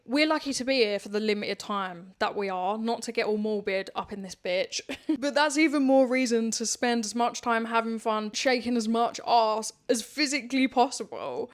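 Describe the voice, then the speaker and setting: A woman, hosting a podcast in a candid, slangy monologue that is often broken by laughter. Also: fairly high pitch. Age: 30s. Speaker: podcast host. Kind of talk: casual monologue to listeners.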